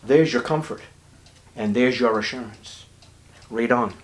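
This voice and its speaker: A man preaching a sermon, swinging between low murmurs and high, emphatic declarations and stretching out words for emphasis. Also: unhurried. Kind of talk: evangelical sermon.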